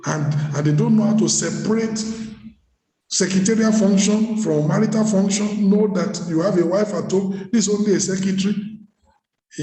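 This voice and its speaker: Male pastor, high mellow voice, storytelling sermon with repeated phrases, recorded in a reverberant hall. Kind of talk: sermon at leadership workshop. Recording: echoey hall.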